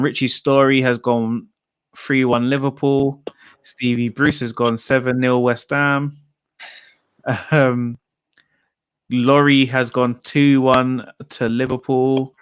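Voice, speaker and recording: A man's voice: medium pitch, a bit bright, clear, resonant tone, no room sound. A man hosting a casual football chat, chatty and laughing as he reads out viewers' predictions. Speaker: football podcast host.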